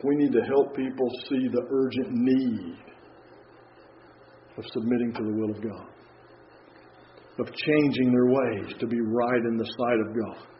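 A man's voice: medium pitch, steady tone, measured pace, long pauses. A man preaching an earnest sermon, reading scripture aloud and stressing urgency. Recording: roomy, dull, faint background hum.

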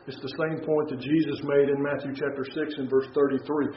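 A man's voice: medium pitch, little pitch movement, a little fast. A man preaching an earnest sermon, reading scripture aloud and stressing urgency. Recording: roomy, dull, faint background hum.

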